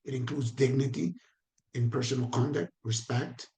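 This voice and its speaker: A man's voice: medium pitch, moderate pace, creaky, warm tone. A man leading a professional training lecture, talking conversationally, checking in with his listeners and sometimes stumbling over repeated words.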